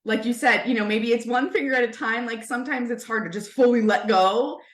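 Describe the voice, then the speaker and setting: A woman's voice: on the high side, brisk, echoey room. A woman who works as a teen coach, talking earnestly and enthusiastically as an interview guest. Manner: earnest, enthusiastic, uses "right?" often. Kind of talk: casual interview.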